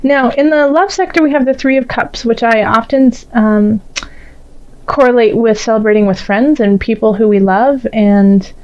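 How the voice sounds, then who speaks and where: A woman's voice: fairly high pitch, normal speed, a little mellow, smooth, dull audio. A woman giving a casual tarot reading, chatty and full of fillers, often laughing as she talks. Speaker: tarot reader.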